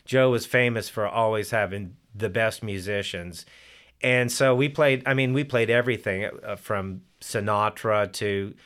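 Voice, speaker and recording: An older musician in an interview speaks on the low side, unhurried and fairly bright in tone. His casual stories ramble, with lots of fillers and restarts along the way.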